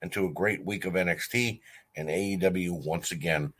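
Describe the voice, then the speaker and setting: Blunt, low-voiced wrestling show host. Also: male voice, moderate pace, fairly bright tone. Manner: blunt, heated ranting with frequent fillers. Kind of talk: opinionated commentary rant.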